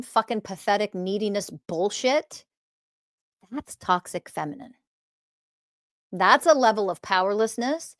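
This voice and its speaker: A woman teaches alone on her podcast in an emphatic, animated voice that sits at a middle pitch. She leans hard on key words and sometimes swears for force. The recording is dry and close, with no room sound. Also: unhurried, pauses often, no echo. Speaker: podcast host and spiritual teacher. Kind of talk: solo podcast monologue.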